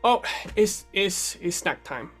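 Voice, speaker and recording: A man voicing a playful little girl who asks excited, childlike questions. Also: sits high, slow pace, breathy edge, faint music behind, voice pushed up, heavily acted. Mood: cheerful.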